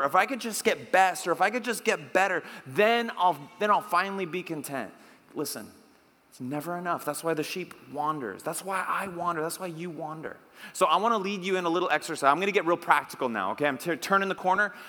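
A male pastor preaches with a high, bright voice, animated and playful as he leads the congregation in call-and-response. His voice rings in the long reverb of a church hall. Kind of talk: sermon.

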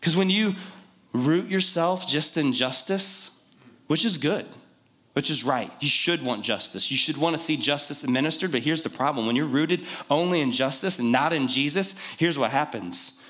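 Male pastor, slightly higher voice, chatty sermon delivery with emphatic repeats. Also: moderate pace, fairly bright tone. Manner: conversational and joking, with emphatic repetition.

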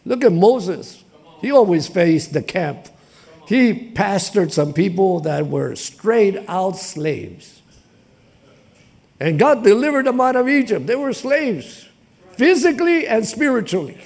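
A male preacher with a high, gravelly voice delivers an impassioned sermon. He talks plainly with slang and repetition and builds up to shouting. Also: very animated, slow.

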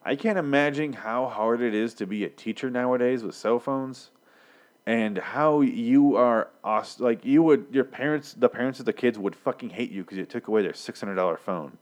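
A man's voice: medium pitch, moderate pace, a little mellow. A man in his thirties giving a rambling, profane casual recap of a TV episode, slipping into characters' lines. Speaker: show recapper.

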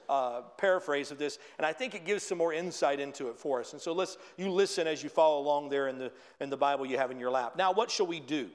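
A male pastor delivers a sermon with an emphatic preaching style, his voice sitting a little higher than most men's. He builds his points with rising force. The sound carries the long reverb of a church sanctuary.

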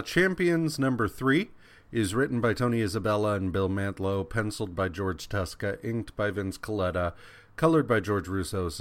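Man casually recapping comics, slightly low voice. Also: a bit bright. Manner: casual, wry, acts out quotes with many fillers. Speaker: podcast co-host.

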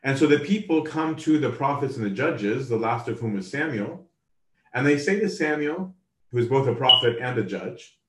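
A man's voice: medium pitch, animated, moderate pace, fairly bright tone. A man preaching a sermon in a casual, conversational way. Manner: casual, conversational, acts out quoted voices. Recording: roomy, from a distance.

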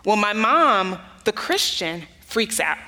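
A very animated but slow-paced American woman pastor delivers a sermon in a bright, forceful, medium-pitched voice. Telling a personal story with earnest emphasis, she builds up key phrases, and a long hall reverb colors the sound.

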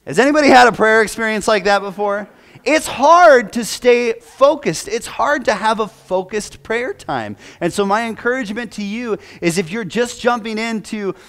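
A man's voice: high-pitched, fairly quick, hardly any pauses, a bit bright. A pastor in his thirties preaching a sermon in a conversational way, joking with the congregation.

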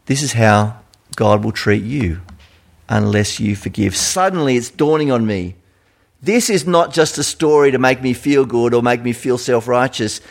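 A man with an Australian accent preaching a sermon in an animated, conversational storytelling manner. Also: mid-range voice, normal speed.

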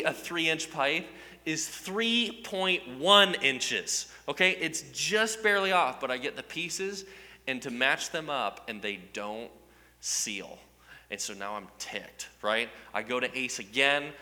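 Bright, sharp-voiced man telling a story. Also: on the high side, long reverb tail. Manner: animated, self-mocking, asks the audience questions. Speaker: speaker addressing a live audience. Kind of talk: humorous storytelling to an audience.

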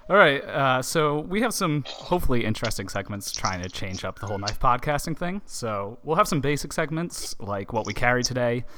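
A man co-hosting a casual podcast, talking in a relaxed, rambling way with plenty of fillers. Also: mid-range voice, a little fast, hardly any pauses, background noise. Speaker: podcast co-host.

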